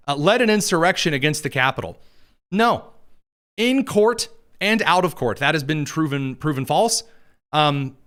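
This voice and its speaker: A man's voice: on the high side, fairly bright tone. A man hosting a political commentary show, talking in a sarcastic, mocking way.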